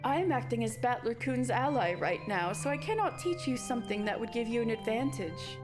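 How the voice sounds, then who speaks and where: A woman's voice: on the high side, expressive, a little fast, over music. A woman streamer reading a visual novel aloud, playful and giggly, giving the characters voices.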